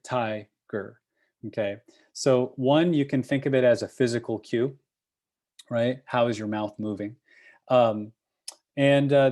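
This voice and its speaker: A man's voice: mid-range voice, a little mellow. A man leading an online course review session, patient and encouraging, checking in often with "okay?" and "right?" over a computer mic. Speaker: course instructor.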